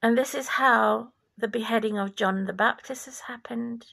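A woman from former Yugoslavia giving an impassioned religious monologue, deliberate and preachy, sometimes dropping to a whisper. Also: a little high, vocal fry, fairly bright tone. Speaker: vlogger.

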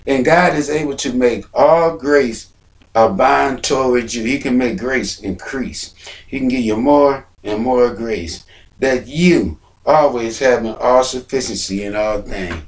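A man's voice: medium pitch, unhurried, distant mic. Man preaching a sermon, set back from the mic. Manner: repeating phrases, rising to near-shouts.

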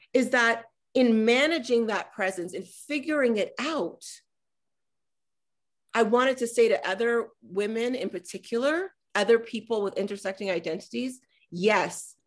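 A woman in her forties, an author talking on a panel over a video call, animated and acting out the voices in her stories. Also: medium pitch. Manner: animated storyteller acting out dialogue. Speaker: author and former politician. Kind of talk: conversational talk on a panel.

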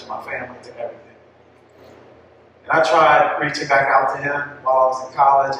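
A man's voice: mid-range voice, bright, forceful tone, slight background noise. A young-adult man giving a heartfelt personal testimony to parents, casual and full of restarts. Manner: heartfelt storytelling, casual phrasing with many likes and restarts. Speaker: parish speaker at a family catechesis talk. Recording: echoey hall, mic far off.

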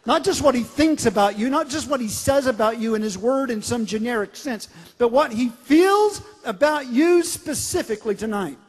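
Middle-aged male pastor with a very high voice, emphatic sermon delivery, recorded in a large church with long reverb. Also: animated, moderate pace, few pauses, breathy edge. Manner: emphatic, swings from loud declarations to quiet storytelling.

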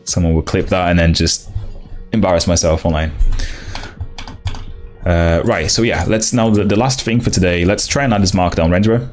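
A young man streaming his coding session, thinking aloud in halting restarts and chatting with viewers. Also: low voice, a little mellow, faint music behind. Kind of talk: casual live-coding stream.

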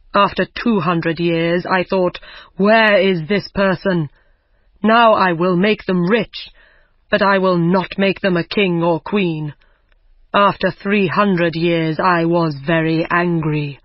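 A threatening giant, read aloud by a storyteller in a learners' audiobook. He speaks slowly and loudly, with middling pitch. The sound is dry and dull, like a lo-fi recording. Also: no echo, lightly acted. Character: angry male giant freed from a jar. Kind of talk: simple audiobook reading for learners.

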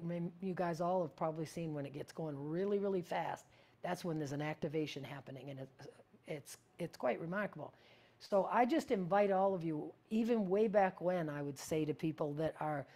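A woman teaching spiritual practice in a casual, meandering way, often searching for words and sometimes dropping to a hush. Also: lowish voice.

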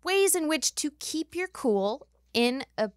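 A woman's voice: sits high, very animated, slow, no echo, clean studio sound. A woman hosting a tabletop games podcast in a playful, casual chat. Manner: playful, laughs easily. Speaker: podcast host.

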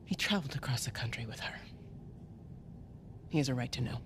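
An actress voicing a tough resistance leader in a video game who speaks in a challenging, urgent way. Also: female voice, very deep voice, lively intonation, fairly quick, in a whisper. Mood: confrontational. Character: tough resistance leader, morally torn woman. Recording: game audio with background noise.

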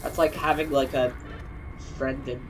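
A man's voice: medium pitch, fairly even intonation, measured pace, background noise. A young man casually commenting while playing a video game, swearing often and rambling in asides. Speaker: gameplay commentator. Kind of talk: let's play commentary.

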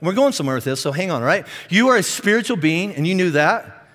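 A man preaching a sermon as a pastor, animated and self-deprecating, joking with the congregation. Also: high-pitched, fast, in a large hall. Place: large church auditorium.

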